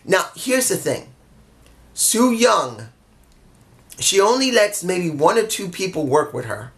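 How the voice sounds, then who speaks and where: A man giving a casual solo review of a wrestling show, rambling and excitable, often losing track of names. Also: on the high side.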